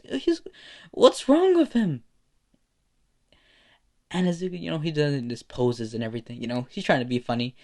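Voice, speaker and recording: A man narrating an improvised fan story, rambling and restarting his sentences often. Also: medium pitch.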